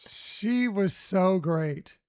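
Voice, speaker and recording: A man's voice: high voice, expressive, extremely slow, darkish tone, smooth. A man co-hosting a podcast, chatting casually with rambling, chuckling asides. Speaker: podcast co-host. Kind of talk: casual chat.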